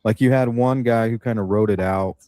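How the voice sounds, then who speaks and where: A man's voice: lowish voice, brisk, warm tone, dry recording, studio quality. A man chatting casually on a stream, musing and tentative as he thinks aloud. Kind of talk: casual analytical chat.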